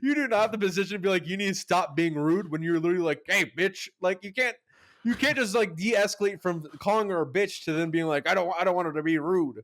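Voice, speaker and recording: A young man with a fairly high voice chats casually on a podcast. He rambles through stories, leans on "like" constantly, swears freely and acts out what people said. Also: fast talker, fairly bright tone. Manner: rambling storyteller, heavy filler "like", swears, acts out quotes. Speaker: podcast co-host. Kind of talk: casual chat.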